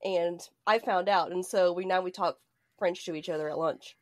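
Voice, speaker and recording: A woman's voice: on the low side, fairly even intonation, moderate pace. A woman co-hosting a podcast, chatting in a giggly, chatty way. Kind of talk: casual chat.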